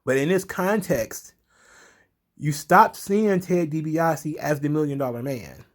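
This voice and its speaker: A man giving a casual recap of a wrestling show, excitable, chuckling, swearing freely. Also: a little high, measured pace.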